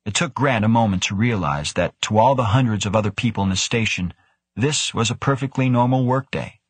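With no echo on the audio, a low-voiced, husky man narrates an audiobook from a script, keeping his delivery steady and measured.

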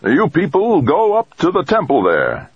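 A man doing a shouting, bossy tycoon. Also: fairly high pitch, huge pitch swings, a little slow, husky, no room sound, muffled recording, pitched above the performer's own voice, heavily acted. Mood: barking orders. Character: domineering middle-aged male tycoon barking orders.

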